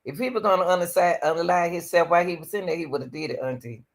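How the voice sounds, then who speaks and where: A woman's voice: on the low side, fast. Pleading woman host, preachy commentary. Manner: preachy, pleading, exclaims to the Lord. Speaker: host reacting to a video. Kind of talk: reaction commentary livestream.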